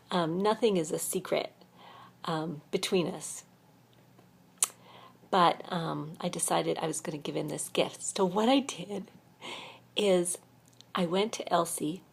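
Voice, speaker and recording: Gravelly-voiced woman sharing a heartfelt testimony. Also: fairly low pitch. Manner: earnest, heartfelt, halting with fillers. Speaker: vlogger. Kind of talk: personal faith testimony.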